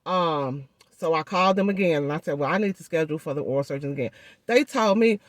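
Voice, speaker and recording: A woman vlogger telling a story in a chatty, animated way, speaking through a swollen jaw and addressing viewers directly. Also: low-pitched, quick pace, dry recording, studio quality. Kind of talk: casual storytelling vlog.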